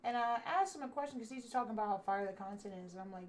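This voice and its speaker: A woman's voice: mid-range voice, fairly even intonation, brisk, hardly any pauses, a little mellow, slight background noise. Candid, profane woman telling a story. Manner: candid, profane, acts out quotes. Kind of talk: casual storytime.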